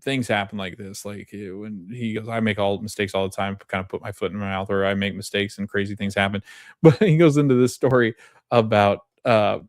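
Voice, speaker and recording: A man's voice: fairly low pitch, fairly even intonation, a little fast, dry recording, studio quality. A man in his thirties hosting a podcast, recapping a TV episode in a chatty way, quoting scenes and laughing often. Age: 30s. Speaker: podcast host.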